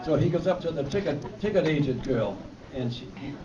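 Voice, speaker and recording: A man with a fairly high voice tells jokes to a live audience at a fundraiser. He rambles and restarts his setups, then laughs at his own punchlines. The recording is distant and dull, with a crowd murmuring throughout. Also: expressive, brisk. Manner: rambling joke delivery with restarts and fillers. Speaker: amateur comedian at a fundraiser. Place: event hall with a live audience.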